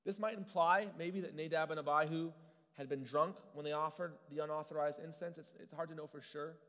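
Pastor guy preaching, earnest and chatty, slightly high voice, big echoey church hall. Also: fairly even intonation, brisk, a bit bright. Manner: earnest, conversational, repeats words on restarts. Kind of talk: sermon.

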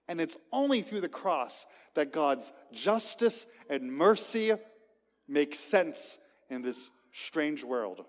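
A man preaching a sermon to a gathered congregation, emphatic, with sharp swings between loud and quiet. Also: sing-song, slow pace. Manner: emphatic, dramatic swings in loudness and pitch. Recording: long reverb of a large hall.

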